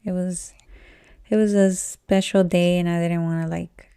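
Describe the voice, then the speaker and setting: A woman's voice: on the low side, flat delivery, measured pace, warm tone, smooth, dry recording, studio quality. A woman co-hosting a podcast in casual chat, a supportive listener who offers short affirmations. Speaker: podcast co-host.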